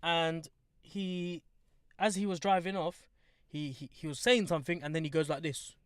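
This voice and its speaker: A young man with a London accent, co-hosting a podcast and telling a story in lively casual chat, acting out other people in high voices. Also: moderate pace, smooth, no room sound, studio quality. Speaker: podcast co-host. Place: studio.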